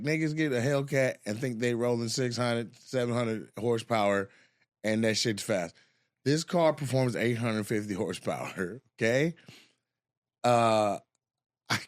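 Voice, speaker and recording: A man's voice: medium pitch, no room sound, studio quality. A man hosting a casual chat, telling stories with lots of laughter and profanity. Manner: animated storyteller, laughs often. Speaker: podcast host.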